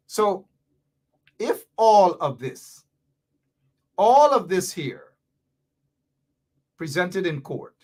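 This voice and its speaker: A man from Guyana with a Guyanese Creole accent, hosting a live-stream talk show, reading viewer comments and explaining local slang with lots of repetition. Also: high voice.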